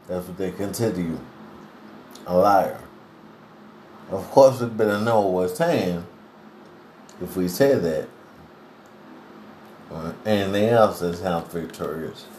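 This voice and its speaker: A man giving a devotional sermon in an earnest, deliberate preaching manner, clearing his throat now and then. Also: fairly low pitch, a little mellow. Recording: roomy echo, faint background hiss.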